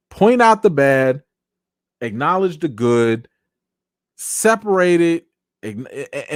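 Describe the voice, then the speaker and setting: A man hosting a casual live chat, answering viewer comments in an animated, talkative way, and by now tired, with his voice wearing out. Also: fairly high pitch, slow pace, pauses often, no room sound, studio quality. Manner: animated, chatty, thanks viewers by name. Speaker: live-stream host.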